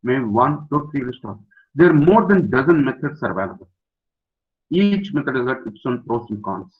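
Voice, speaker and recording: Speaking at normal speed in a sing-song, mid-range voice, an older man lectures students over a webinar as their professor. He stresses points emphatically, repeats key words and poses questions, all through dull, lo-fi webinar audio.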